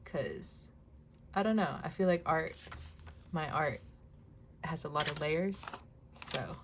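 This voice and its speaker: A young woman chatting casually while cutting images from a magazine, rambling, laughing often, swearing lightly and now and then dropping to a soft whisper. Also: deep voice, animated, takes it slowly, background noise. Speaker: crafting vlogger. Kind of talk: casual chatty crafting vlog.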